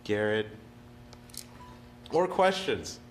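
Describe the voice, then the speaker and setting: A man's voice: on the low side, lively intonation, extremely slow, echoey room, slight background noise. A man teaching on a casual livestream, chatty and laid-back, laughing often and apologizing freely. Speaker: percussion instructor on a livestream.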